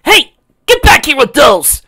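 A man's voice: very high voice, big pitch swings, measured pace, fairly bright tone, clean tone, voice pushed up, exaggerated voice. A man voicing a cocky, carefree teen hedgehog hero from a fan-made storybook reading. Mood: loud pleading.

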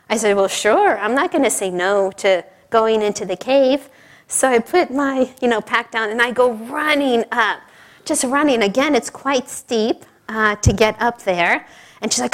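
Middle-aged woman, a bit higher-pitched, informal sermon speaker; chatty storyteller, quick to laugh. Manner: chatty, laughing often, full of asides. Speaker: speaker at a spiritual service.

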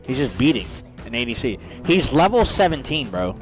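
A young man streaming a video game live, ranting and swearing at teammates, swinging from low mutters to shrieking outbursts. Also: sing-song, moderate pace, poor audio. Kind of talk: live gameplay commentary. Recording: faint music behind.

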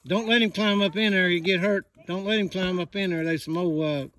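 An older man calls out to a hound and his granddaughter on a hunt in the woods, folksy and excited, filmed on a handheld camera. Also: sits high, fairly quick. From West Virginia. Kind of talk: casual outdoor chat. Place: woods outdoors at night. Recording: noisy outdoors with barking dogs.

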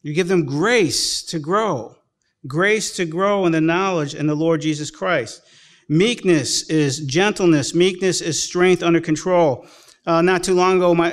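Folksy pastor preaching, slightly high voice. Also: male voice. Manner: folksy storytelling with chuckles and acted-out quotes. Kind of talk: sermon. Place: church sanctuary.

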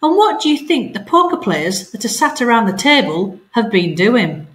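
A primary school teacher reading a story aloud in a remote lesson, speaking clearly and asking pupils questions. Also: female voice, a little high, very animated, moderate pace, few pauses.

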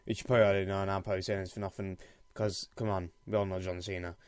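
A man's voice: deep voice, level tone, very fast, smooth, no room sound. Profane young man with a sore throat. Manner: profane, exasperated, mocking. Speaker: let's play gamer. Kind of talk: casual gameplay commentary. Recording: loud game music underneath. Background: looping clarinet game music.

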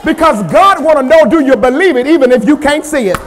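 A man preaching a sermon in a church, calling on the congregation to repeat after him and swinging from hushed, low talk to loud shouted peaks. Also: lively intonation, quick pace, few pauses, background noise. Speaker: pastor. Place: church sanctuary.

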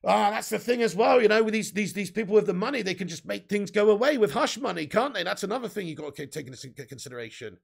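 A man's voice: high-pitched, animated, fast talker, gravelly, few pauses, husky. An English man hosting a casual live stream, chatting loosely, reading viewer comments aloud and swearing now and then. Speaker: livestream host reading chat.

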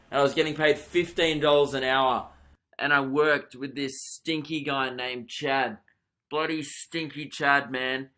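Bright-voiced Australian comedian rambling. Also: male voice, a little high. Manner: rambling, self-mocking, quick asides and laughs. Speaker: comedian and podcast host. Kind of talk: casual solo podcast rant. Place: lounge room at home. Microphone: desk podcast microphone.

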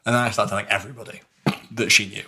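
A man's voice: on the low side, racing. A man co-hosting a podcast, telling a weekend adventure in casual chat, swearing freely and acting out what people said. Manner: lively storyteller who swears freely and acts out quotes. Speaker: podcast co-host telling a story. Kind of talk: casual chat recounting a live-action role-play weekend.

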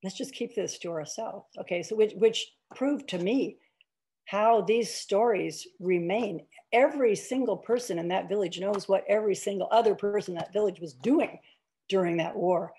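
A woman's voice: mid-range voice, normal speed, mellow, breathy edge. An older woman giving an author talk over a video call, telling anecdotes in a chatty way with many fillers and restarts. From Iowa, United States.

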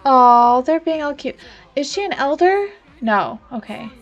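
A young woman hosts a let's play with casual gameplay commentary in a high voice with lively intonation, unhurried and captured in a muffled recording. She talks straight to the characters on screen and gets exasperated with them easily.

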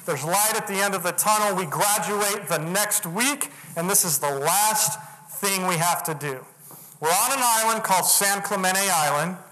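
A man with a high, bright voice gives a motivational keynote. He tells his story earnestly and becomes lively when he acts out what others said. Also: low-quality recording. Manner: earnest, builds to animated retellings. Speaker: motivational speaker.

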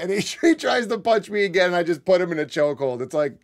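Animated swearing streamer man. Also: high voice, fast, hardly any pauses. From Connecticut. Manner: animated, swearing, laughing often. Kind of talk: casual storytelling to chat. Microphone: desk mic.

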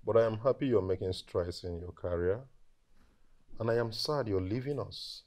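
An actor playing a worried husband and father who talks gently and earnestly. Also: fairly low pitch, normal speed, no echo, natural voice. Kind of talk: film drama acting.

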